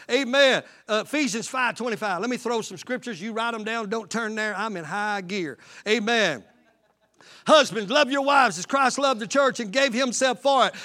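A man preaches with fervor, driving his points home through repetition and call-and-response. His voice sits very high and rings bright and forceful. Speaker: pastor. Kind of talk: sermon.

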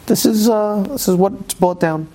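A man giving an informal Torah class, animated and full of restarts and asides. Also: high-pitched, measured pace. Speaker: Torah teacher.

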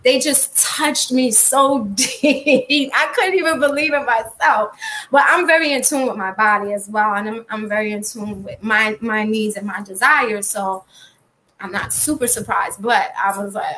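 Bright high-voiced woman chatting frankly. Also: measured pace. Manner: frank, chatty, reads viewer comments aloud. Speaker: podcast co-host and blogger. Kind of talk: candid casual chat.

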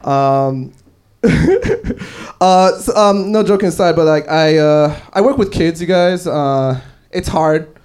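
On a comedy club stage, a young man does a stand-up set, telling stories with lots of fillers and laughing along. His voice is a little high yet darkish and clean, and he speaks slowly.

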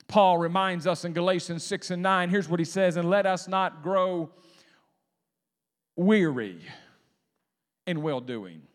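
A male pastor preaching a sermon, rising from calm to loud, drawn-out delivery in a church. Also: sits high. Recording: long hall reverb.

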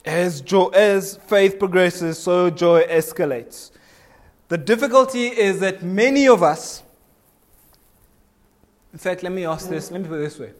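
A man with a high voice preaches to a congregation in a conversational way, taking a measured pace with long pauses. He asks them questions and acts out little voices from everyday talk.

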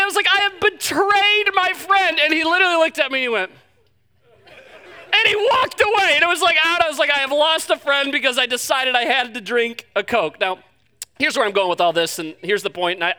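A male pastor delivers a sermon with a notably high-pitched voice. His tone is bright and forward, and he tells stories in an animated, self-deprecating way that carries into his teaching.

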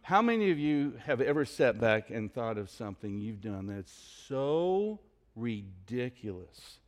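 A pastor preaching a sermon, telling a story in an animated, conversational way. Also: male voice, medium pitch, unhurried.

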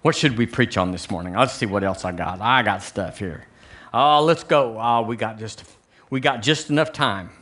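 A middle-aged man with a Southern American accent, preaching an animated sermon in a church, with joking asides to the congregation. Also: lowish voice, normal speed. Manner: animated preaching, rising to near-shouted emphasis on scripture; chatty asides and jokes with the congregation. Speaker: pastor. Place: church sanctuary.

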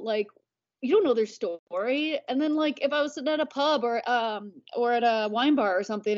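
Chatty woman on dull audio. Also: a little high. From United States. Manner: chatty, many "like" fillers. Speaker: podcast guest. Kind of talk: casual conversation.

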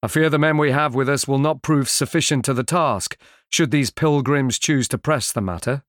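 A man's voice: mid-range voice, normal speed, no echo, studio quality, close to an everyday voice. A man voicing a cautious male knight and armsman who speaks in a neutral, understated tone in an audiobook. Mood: wary. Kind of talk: audiobook character voice.

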